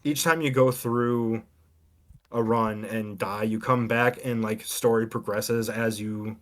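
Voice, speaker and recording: A man's voice: lowish voice, fairly even intonation, slow. A man in casual chat on a gaming podcast, explaining a game demo, rambling with many restarts and fillers. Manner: rambling, hesitant, full of ums and restarts. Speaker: podcast co-host reviewing game demos.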